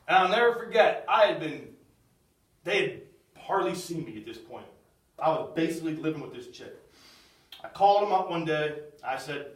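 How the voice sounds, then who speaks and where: A middle-aged man giving a spoken testimony, swinging from loud outbursts to hushed, almost whispered storytelling. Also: a little high, very animated, moderate pace, roomy sound, recorded from a distance, poor audio. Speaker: speaker sharing a personal testimony. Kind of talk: testimony talk.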